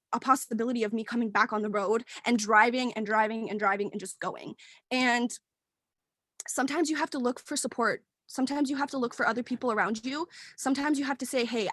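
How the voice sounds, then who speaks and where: A woman's voice: fairly high pitch, pushed and bright, no room sound. A young woman in her twenties telling a heartfelt personal story at a work meeting, rambling with many fillers and close to tears. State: tearful, near crying. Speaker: team member sharing her story. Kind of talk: emotional personal testimony. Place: work meeting, dry room.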